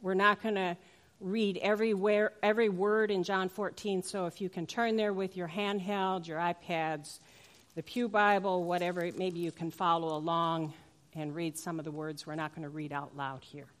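A woman's voice: on the low side, steady tone, normal speed. A woman pastor preaching a sermon in a church, emphatic and playful, turning to the congregation with asides. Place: church sanctuary.

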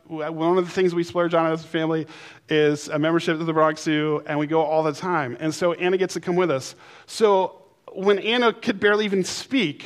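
A man preaching a sermon, telling stories with playful voices, then slowing and softening for emphasis. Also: on the high side. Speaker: pastor.

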